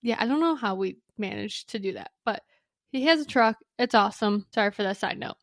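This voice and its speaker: A young adult woman from Wisconsin hosting a podcast, telling a story in a chatty, casual way, full of "like" and quick side notes. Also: medium pitch, lively intonation, vocal fry, dry recording, clean studio sound. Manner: chatty, lots of "like", quick asides and apologies. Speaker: podcast host.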